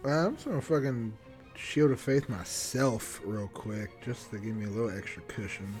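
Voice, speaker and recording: A man's voice: lowish voice, normal speed, over music. A man playing a tabletop game, joking and swearing casually with his friends. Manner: joking, profane, laughs often. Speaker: player.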